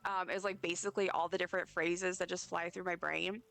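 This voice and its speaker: A woman streamer with a hoarse, partly lost voice, chatting casually and rambling to her chat while she plays. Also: fairly low pitch, level tone, fast, a bit bright, faint music behind.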